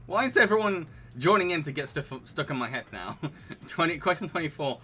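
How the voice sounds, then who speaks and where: A man's voice: fairly high pitch, expressive, brisk, sharp tone, slight background noise. A man hosting a live-streamed quiz, reading out questions and options and chatting with his audience between laughs. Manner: chatty and giggly, reading out questions and answering chat. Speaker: quiz host.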